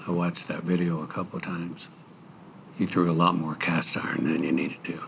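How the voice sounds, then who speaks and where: Stern police superintendent, measured, deep voice, faint noise behind. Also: male voice, little pitch movement, vocal fry, a bit bright. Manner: measured, lecturing. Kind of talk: film dialogue.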